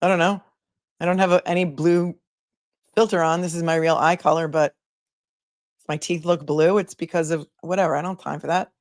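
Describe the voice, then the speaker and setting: A woman's voice: lowish voice, fairly even intonation, brisk, pauses often, no room sound. Sarcastic chatty woman, dry close sound. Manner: chatty, sarcastic, reads viewer comments aloud. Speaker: attorney livestream commentator. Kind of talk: casual live commentary.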